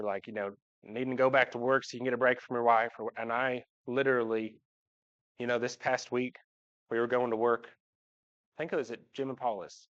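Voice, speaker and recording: A church member with a mid-range voice addresses the congregation from the pulpit in the sanctuary, giving a heartfelt personal talk as a joking storyteller whose voice leaps up when he imitates people. The recording is dull.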